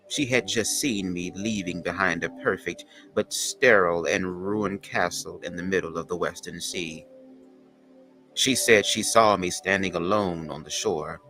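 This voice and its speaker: A man's voice: deep voice, sharp tone, exaggerated voice. Man doing a stately Southern lady poet. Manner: slow, measured, dramatic recitation. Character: stately older woman poet reading solemnly. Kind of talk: dramatic poem reading.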